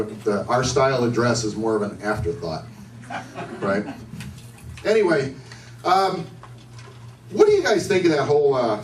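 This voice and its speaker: A man doing a stand-up set at a bar comedy night, with a loose, rambling delivery, often asking the crowd questions. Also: medium pitch. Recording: echoey room, distant mic, faint noise.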